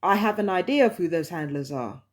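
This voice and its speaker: A woman's voice: on the low side, lively intonation, fairly quick. A woman, ranting heatedly and with lots of swearing in a casual vlog monologue. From London, England. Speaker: vlogger.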